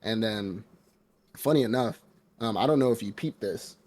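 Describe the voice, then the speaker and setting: Low-voiced man casually recapping a movie. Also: normal speed. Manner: animated retelling with put-on character voices, slangy. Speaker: podcast co-host. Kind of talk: casual chat recapping a film.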